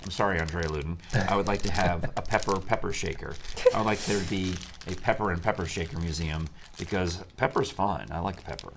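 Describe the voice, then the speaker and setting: A man's voice: sits low, brisk, creaky, noisy background. A man hosting a live chat show, telling stories in a chatty way and laughing often. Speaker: show host.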